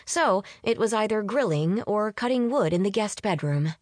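A woman reading a story aloud as an audiobook narrator, with expressive delivery. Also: mid-range voice, moderate pace, dry recording, clean studio sound. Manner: expressive reading, voices characters with lively lift. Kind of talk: scripted narration.

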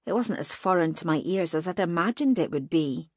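A woman narrating a first-person fantasy audiobook in a tense, even manner. Her voice sits slightly low for a woman, and the recording is dry and close with no room sound. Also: brisk, dry recording.

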